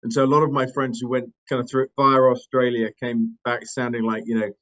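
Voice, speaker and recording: A man's voice: medium pitch, level tone, brisk, fairly bright tone, dull audio. A British man being interviewed about his company, talking in a thoughtful way with frequent fillers and restarts. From United Kingdom. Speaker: company co-founder, guest. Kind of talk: conversational interview.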